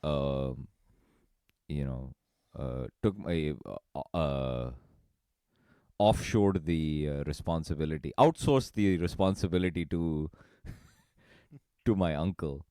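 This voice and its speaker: A man co-hosting a podcast in casual comedic chat, laughing often and swinging between low mutters and loud bursts. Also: takes it slowly, smooth, no room sound, clean studio sound. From Indian family background. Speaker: podcast co-host.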